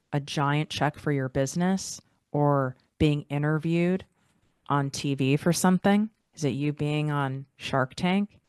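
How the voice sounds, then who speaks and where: Low-voiced woman hosting a motivational podcast. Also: clear, resonant tone, no room sound, clean studio sound. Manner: encouraging, motivational, asks many questions. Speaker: podcast host. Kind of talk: guided visualization talk.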